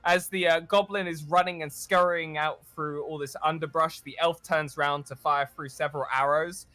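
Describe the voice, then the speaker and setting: A man's voice: a little high, normal speed. A young man narrating as dungeon master, filling the scenes with ums and uhs. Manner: many ums and uhs, lively scene-setting. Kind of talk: tabletop game narration.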